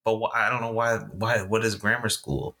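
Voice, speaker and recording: A woman's voice: a bass voice, steady tone, normal speed, fairly bright tone. A young woman from Houston, co-hosting a casual chat in a playful, teasing way. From Houston, Texas. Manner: playful, teasing, laughs often. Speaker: podcast co-host.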